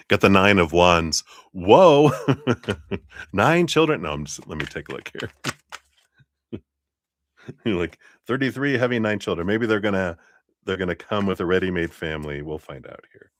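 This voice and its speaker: A man's voice: low voice, a bit bright. A man hosting a live-stream tarot reading, chatty and laughing often as he talks to viewers by name. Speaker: tarot reader.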